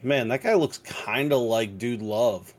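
A man's voice: mid-range voice, a little slow. A man co-hosting a podcast in casual chat, laid-back with dry comebacks. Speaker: podcast co-host.

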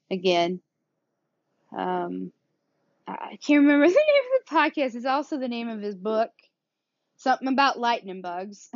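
A woman with a Southern accent hosts her own podcast in loose, rambling talk, laughing often and cursing now and then. Her voice sits in a middle pitch. The sound is dry and a little dull. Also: dry recording. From Kansas City area, USA. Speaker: podcast host. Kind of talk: casual solo podcast talk.

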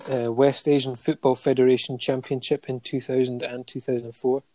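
A man's voice: mid-range voice, flat delivery, fairly quick, mellow, no echo. A man in casual podcast chat, reading out a long list of honours with frequent ums and light chuckles. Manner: listing facts steadily with many ums and chuckles.

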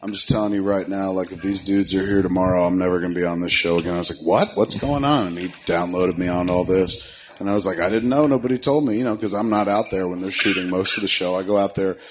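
Low-voiced man telling profane stories. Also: quick pace, a little hiss or hum. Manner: profane, storytelling, animated impressions. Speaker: podcast host. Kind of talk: casual chat.

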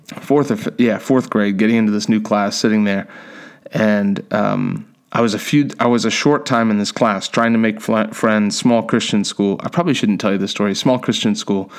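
Lowish-voiced man telling rambling anecdotes. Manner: rambling, self-deprecating, conversational. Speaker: storyteller. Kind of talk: casual personal anecdotes.

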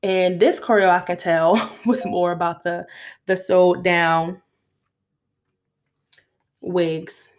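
Animated woman podcaster retelling a film. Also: fairly low pitch, takes it slowly, pauses often. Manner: animated retelling with acted-out quotes; laughs often while talking. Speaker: podcast host. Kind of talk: casual film review podcast.

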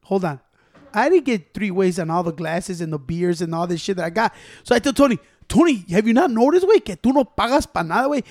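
A man co-hosting a podcast, a rambling, animated storyteller who mixes English and Spanish. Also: high voice, fast, dry recording. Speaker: podcast co-host. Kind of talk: casual chat, switching between English and Spanish. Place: small room, podcast recording.

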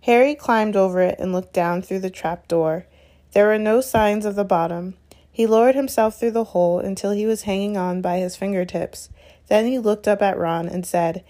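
A woman narrates a novel at an even, unhurried pace with a middle-range voice. She now and then corrects a slipped word and carries on calmly. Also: medium pitch. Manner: steady, unhurried narration with small self-corrections. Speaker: reader. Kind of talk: reading a novel aloud.

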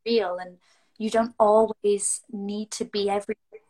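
A woman's voice: mid-range voice, fairly even intonation, normal speed, warm tone, rough recording. A woman from northern England with a northern English accent, chatting casually as a guest in an earnest, reflective way. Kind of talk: casual chat.

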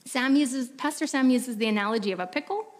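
A woman preacher delivering a sermon with earnest, drawn-out emphasis. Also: high-pitched.

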